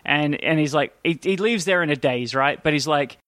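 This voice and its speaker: Animated man recapping a film. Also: a little high, normal speed, no room sound, clean studio sound. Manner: animated, swearing, acts out quoted lines. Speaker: podcast co-host. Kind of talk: casual movie recap chat.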